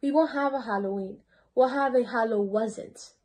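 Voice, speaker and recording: Teen girl reading as a gentle honey-loving bear. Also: a little high, moderate pace, natural voice. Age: teenager.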